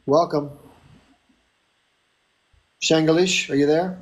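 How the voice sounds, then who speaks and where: A man's voice: on the high side, steady tone, slow pace. A man hosting a live stream, cutting off an angry caller and calling up the next in line. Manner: firm but apologetic, managing callers. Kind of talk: moderating call-ins.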